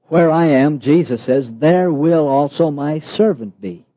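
A middle-aged man preaching a sermon, slow and emphatic, with dramatic pauses and soft asides. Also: fairly high pitch, no echo. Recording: dull, lo-fi dry sound.

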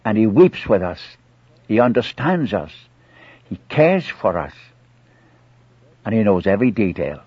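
Earnest preacher guy, lowish husky voice, acts out the bible bits, muffled dry old tape. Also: sing-song, normal speed, long pauses, dry recording. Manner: earnest, acts out scripture dialogue with pleading asides. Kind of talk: sermon.

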